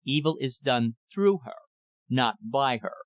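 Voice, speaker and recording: A man voicing an older, thin-faced country rector with a slow clerical drawl and a cynical edge. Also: medium pitch, lively intonation, no room sound, close to an everyday voice. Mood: grave, warning.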